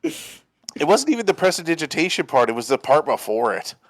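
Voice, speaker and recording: Low-key young man, dry delivery. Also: big pitch swings, a little fast, no echo. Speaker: co-host of a game playthrough. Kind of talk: casual let's play chat.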